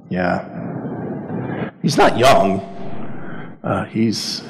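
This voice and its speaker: A man's voice: on the low side, unhurried, a little hiss or hum. A man leading a men's Bible study, talking conversationally and putting questions to the group. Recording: echoey hall.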